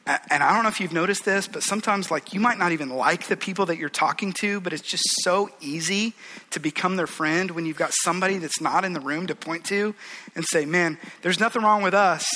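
Male pastor, 30s, high bright voice, earnest and conversational, shifts between soft pleading and building intensity. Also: low-quality recording. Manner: earnest, conversational, swings from hushed pleading to rising fervor. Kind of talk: sermon.

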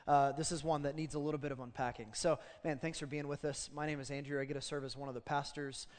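A man preaching a casual, animated sermon as pastor of a church. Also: a little high, quick pace, in a large hall. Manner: conversational, animated storytelling.

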